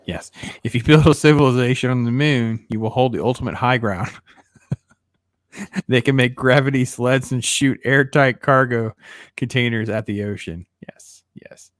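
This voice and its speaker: A man's voice: mid-range voice, moderate pace, dry recording, studio quality. A man hosting a casual movie review chat, laughing and incredulous. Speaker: podcast host.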